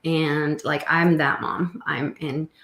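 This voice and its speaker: Low-voiced woman in a roomy echo. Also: fairly even intonation, slow pace, a bit bright. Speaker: host. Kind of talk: casual chat.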